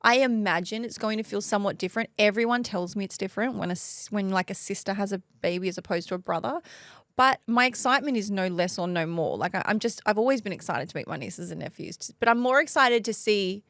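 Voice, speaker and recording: A woman's voice: mid-range voice, expressive, fast, a bit bright, dry recording, studio quality. A woman, co-hosting a podcast in casual chat, joking and laughing often. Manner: chatty, laughs often, self-mocking jokes. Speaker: podcast co-host.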